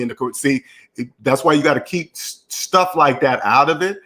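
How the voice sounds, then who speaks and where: A man's voice: medium pitch, moderate pace, sharp tone. A man hosting a finance channel, talking in a rambling, repetitive solo monologue and acting out imagined dialogues. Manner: repetitive, restarts phrases, emphatic.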